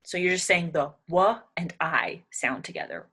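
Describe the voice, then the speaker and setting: A woman's voice: fairly low pitch, moderate pace, fairly bright tone, husky. A young woman teaching English pronunciation, patiently repeating each word aloud several times. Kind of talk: pronunciation lesson.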